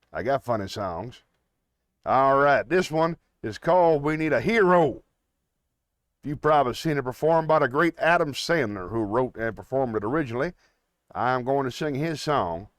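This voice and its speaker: A man's voice: mid-range voice, no echo, studio quality. Folksy, joking man hosting a stream. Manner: folksy, joking, chats with viewers. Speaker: live-stream host. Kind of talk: casual live-stream chat.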